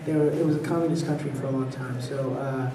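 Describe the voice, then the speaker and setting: A man on a convention panel telling stories with lively delivery, laughing often and acting out the people in his tales. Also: medium pitch, fairly quick, background noise. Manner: animated, laughs between anecdotes, acts out voices. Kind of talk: storytelling on a fan panel. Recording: echoey hall, voice from far off.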